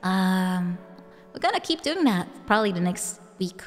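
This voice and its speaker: A woman's voice: mid-range voice, very animated, moderate pace. A woman streamer with a Dutch accent chatting casually with her live chat, giggly and self-mocking. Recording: long reverb with faint music behind.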